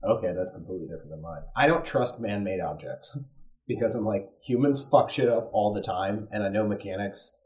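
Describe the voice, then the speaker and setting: A man's voice: on the low side, a little fast, darkish tone, reverberant, far from the mic, low-quality recording. A man hosting a podcast, joking and swearing freely, laughing along with his guest. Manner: profane, joking, laughs easily. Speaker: podcast host. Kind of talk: casual podcast banter.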